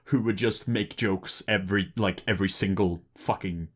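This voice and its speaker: A man's voice: low voice, fairly even intonation, moderate pace. A young man co-hosting a podcast in casual chat, rambling and joking with lots of restarts. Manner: rambling, restarts, jokey and laughing. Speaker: podcast co-host.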